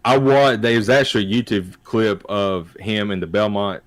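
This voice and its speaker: A man co-hosting a sports podcast, rambling and restarting his sentences. His voice sits fairly low, and the recording is dry and close, with no room sound. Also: steady tone, moderate pace, no room sound. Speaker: podcast co-host. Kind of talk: casual chat.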